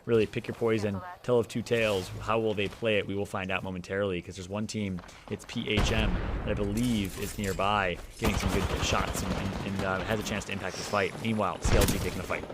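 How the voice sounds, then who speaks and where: A man's voice: fairly low pitch, fairly even intonation, fast, few pauses, very noisy. A man with a Midwestern American accent doing chatty, joking color commentary on an esports match. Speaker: esports analyst and co-caster.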